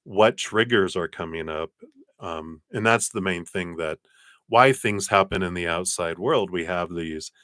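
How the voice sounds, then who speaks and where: A low-voiced middle-aged man talks through tarot cards on a live stream, gentle and encouraging as he gives spiritual advice. The sound is close and dry, with no room around it. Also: measured pace, dry recording. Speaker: tarot card reader. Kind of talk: live-stream card reading.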